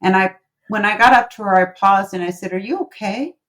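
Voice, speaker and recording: A woman's voice: medium pitch, steady tone, fairly quick, a bit bright. A woman guest, a relationship coach, telling a story in a casual interview with an earnest, heartfelt manner and repeated words for emphasis.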